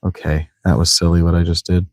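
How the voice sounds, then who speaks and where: Rambling low-voiced man streaming a game. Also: little pitch movement, fairly quick, a little mellow, no room sound. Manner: rambling, joking self-talk with playful mispronunciations. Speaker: let's play streamer. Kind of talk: casual gameplay commentary. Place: in a tent, lying in a sleeping bag.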